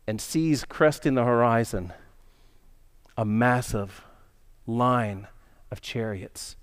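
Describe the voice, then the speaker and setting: A male pastor retelling a story in a church, conversational and animated, often checking in with listeners. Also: mid-range voice. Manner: conversational, animated, asks the congregation "right?". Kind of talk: storytelling sermon. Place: church sanctuary.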